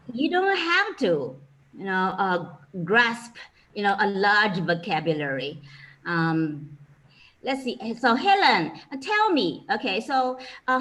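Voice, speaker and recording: This Chinese language teacher, a woman with a Chinese accent, lectures casually and keeps dropping in "you know" and "okay." She sounds slightly high and sharp, captured on a rough recording.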